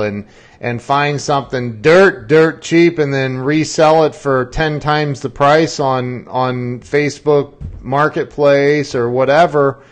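Halting, animated male podcast host. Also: medium pitch. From Ohio, US. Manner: halting, many restarts, animated storytelling. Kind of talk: casual interview chat.

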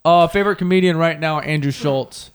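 A young man co-hosting a podcast, joking and swearing loudly and jumping high in pitch as he tells stories. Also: a little fast. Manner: loud, profane and joking, swings pitch up high when telling stories. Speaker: podcast co-host. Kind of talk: casual chat.

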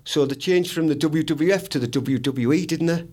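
A man chats in a slangy, easygoing way as a podcast co-host, laughing often between stories. His voice sits high for a man. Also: moderate pace, darkish tone. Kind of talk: casual banter.

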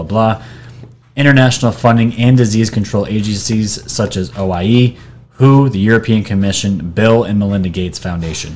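A man hosting his own video channel, talking casually and rambling while reading posts and articles off his screen, with restarts and fillers. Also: on the low side. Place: New York.

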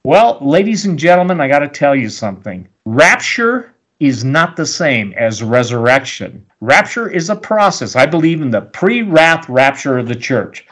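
Animated preacherly older man. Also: medium pitch, moderate pace, few pauses. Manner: emphatic, preacherly, rambling asides. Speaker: radio host, guest. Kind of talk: animated interview talk.

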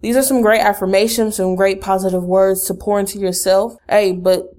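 Woman, podcast host, casual motivational talk, leads affirmations, middle-pitched voice. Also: steady tone, normal speed, a little mellow. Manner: leads listeners in repeated affirmations.

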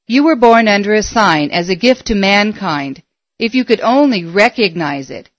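A woman's voice: mid-range voice, animated, normal speed, dry recording, close to an everyday voice. A woman voicing a persistent middle-aged woman astrologer who keeps coaxing and insisting. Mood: insistent.

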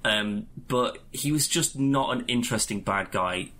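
A man in casual podcast chat about a film, rambling and animated, swearing and slipping into mock voices. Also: mid-range voice, a little slow, slight background noise. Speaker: podcast co-host.

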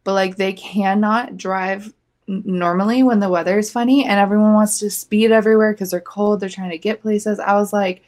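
A woman's voice: mid-range voice, steady tone, normal speed, darkish tone. A young woman from Georgia co-hosting a podcast, telling a rambling story full of fillers. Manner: chatty storyteller, full of likes and restarts. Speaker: podcast co-host. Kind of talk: casual chat.

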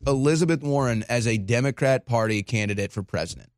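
A man hosting a political commentary show, excitable and mocking, often breaking into laughter. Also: mid-range voice, fast talker, few pauses, no room sound, clean studio sound. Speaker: host.

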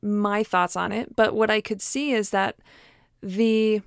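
A woman's voice: medium pitch, steady tone, takes it slowly, creaky, clean tone, dry recording, clean studio sound. A woman talking casually and frankly to camera, filling her speech with fillers and restarts. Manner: chatty, many fillers and restarts; frank, personal, laughs at herself.

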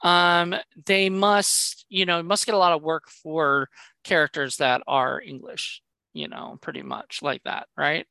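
Brief: male podcast host, gravelly, bright edge, loose and rambling. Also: on the high side, fairly even intonation, measured pace, no room sound. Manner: rambling, lots of fillers and restarts. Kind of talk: casual interview chat.

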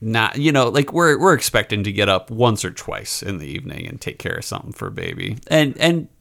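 A man's voice: on the low side, big pitch swings, fairly quick, creaky, a bit bright. A man co-hosting a casual podcast chat, talking in a laid-back, jokey way. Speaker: podcast co-host.

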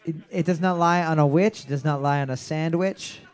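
A man's voice: a little high, fairly quick, smooth. A man hosting live trivia at a bar into a handheld mic, brash and joking, swearing freely and bellowing his calls. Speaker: trivia quizmaster.

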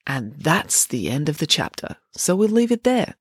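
A woman reading a children's chapter book aloud as a storyteller, with an expressive, animated delivery. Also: sits low, normal speed, breathy edge, dry recording, studio quality.

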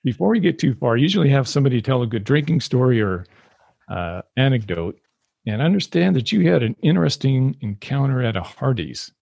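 Gravelly, lively-voiced male host. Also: mid-range voice, a little fast, no room sound. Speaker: podcast host. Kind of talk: casual interview.

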